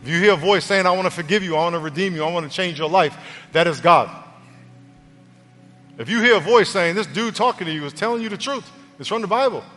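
Brief man, pastor, earnest conversational preacher, slightly high pitch, church hall reverb with faint music. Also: lively intonation, quick pace, fairly bright tone. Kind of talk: sermon and altar call. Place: church auditorium.

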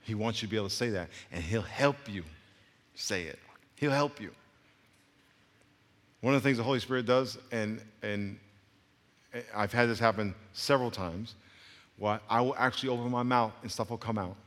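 A man preaching a sermon, telling a story in an animated way with frequent restarts and repeated words, then leading a prayer. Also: fairly low pitch, normal speed, long pauses, long reverb tail.

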